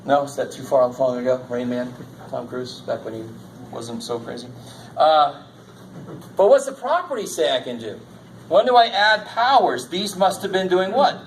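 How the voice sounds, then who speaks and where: A man's voice: a little high, animated, normal speed, slight background noise, rough recording. A man teaching a college math class in a lecture, casual and jokey, swearing now and then. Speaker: math instructor.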